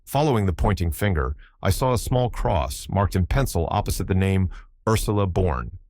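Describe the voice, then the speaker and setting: A man narrating a classic mystery audiobook in a measured, even way. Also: low-pitched, no echo, studio quality. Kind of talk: scripted narration.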